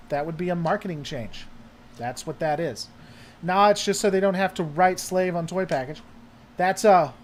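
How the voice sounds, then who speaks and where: A man's voice: high-pitched, a little hiss or hum. A man hosting a casual livestream chat, rambling and heavily sarcastic as he answers viewers. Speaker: host.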